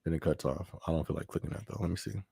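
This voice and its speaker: A podcast host with an extremely low, gravelly, dark, slightly rough voice races through loose, conversational live-stream talk. He repeats phrases and often checks in with "you know what I mean." The recording is studio quality with no room sound.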